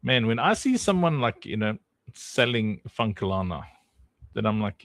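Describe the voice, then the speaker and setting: A man hosting a casual live stream in a goofy way, jumping into silly squeaky voices and laughing as he chats with his community. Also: big pitch swings, normal speed, a bit bright, no echo, studio quality.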